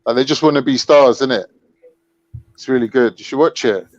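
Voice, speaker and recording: A chatty man, talking over friends and laughing through his stories. His voice sits mid-range, and the recording sounds a little muffled and lo-fi. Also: mid-range voice. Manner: chatty, quick, laughs while telling. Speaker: podcast co-host. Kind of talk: casual chat. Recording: muffled lo-fi audio.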